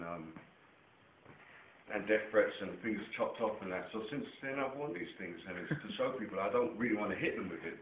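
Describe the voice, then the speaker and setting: An English man telling a rambling personal story to camera, heavily profane and excitable, dropping to a mutter one moment and nearly shouting the next. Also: lowish voice. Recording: echoey room, dull lo-fi camera sound, faint noise.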